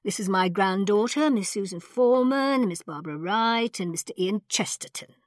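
A woman's voice: medium pitch, normal speed, dry recording, clean studio sound, close to an everyday voice. A woman doing a genial old grandfather. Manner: genial, courtly. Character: elderly male traveller, genial grandfather.

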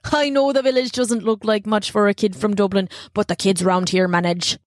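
A woman's voice: medium pitch, fairly even intonation, moderate pace, no echo, studio quality, lightly acted. A woman voicing a stout, jovial village constable with folksy country speech. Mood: friendly.

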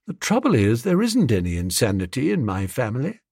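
A man voicing a lovesick young gentleman who talks earnestly and anxiously. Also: mid-range voice, wildly swooping pitch, a little fast, breathy edge, dry recording, studio quality, exaggerated voice. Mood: fretful. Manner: earnest, fretful, pleading.

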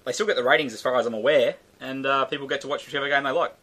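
A man's voice: medium pitch, steady tone, very fast, bright, forceful tone. An Australian man hosting a casual sports chat show, chatty and joking. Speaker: host.

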